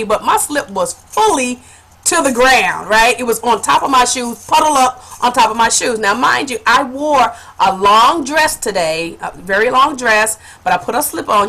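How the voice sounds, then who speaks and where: Chatty vlogger lady, higher bright voice, laughs a lot telling her story, says honey. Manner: animated, laughing, addresses viewers as honey. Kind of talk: casual storytelling to camera.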